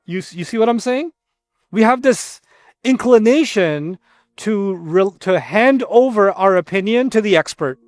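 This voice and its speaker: A man's voice: high voice, measured pace, dry recording. A man giving a Quran lesson, explaining Arabic words and acting out quoted speakers. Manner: animated, acts out quotes. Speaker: Quran teacher.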